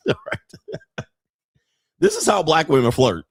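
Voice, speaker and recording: A man's voice: on the high side, huge pitch swings, takes it slowly, gravelly, husky, no echo, studio quality. A middle-aged man hosting a commentary show, reacting bluntly and crudely to viral clips with frequent laughter. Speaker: host.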